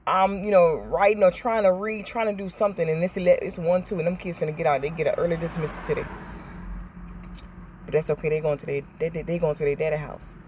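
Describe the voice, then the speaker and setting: A woman with a Southern American accent, telling stories in a chatty, animated vlog and acting out what people said. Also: fairly low pitch, quick pace, noisy background. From Southern United States. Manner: chatty, animated storytelling with acted-out quotes. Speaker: vlogger. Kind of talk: casual chat.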